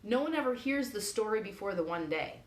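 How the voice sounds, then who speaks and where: A woman's voice: mid-range voice, expressive, a little fast. Echoey, direct-talking woman radio host. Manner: direct, coaxing, peppered with "like" and "okay". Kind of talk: casual motivational talk.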